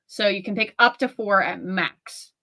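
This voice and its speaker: A woman's voice: medium pitch, measured pace, pushed and bright. A young woman co-hosting a casual chat, playful and often giggling. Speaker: co-host.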